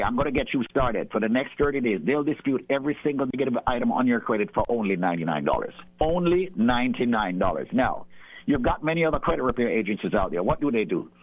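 A man gives firm, preachy advice on air and drives home his points by repeating them. His voice is husky, and it comes through a thin, phone-like line. The sound is dry and close. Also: mid-range voice, dry recording. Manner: emphatic, preachy, repeats key lines. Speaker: company owner pitching on radio. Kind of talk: persuasive radio talk.

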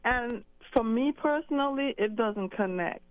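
A woman's voice: on the high side, measured pace, dry recording. A woman calling in to a radio show, giving a frank, critical opinion. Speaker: caller. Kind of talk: opinionated call-in talk. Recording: phone line.

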